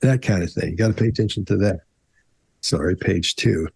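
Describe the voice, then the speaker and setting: A middle-aged man with a low, dark, slightly husky voice breaks down body language in a loose, rambling panel chat. He keeps restarting his sentences and slips into acted-out quotes. The sound is close and dry. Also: fairly quick, no echo. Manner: rambling, self-correcting explanations with acted-out quotes. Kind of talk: casual panel analysis.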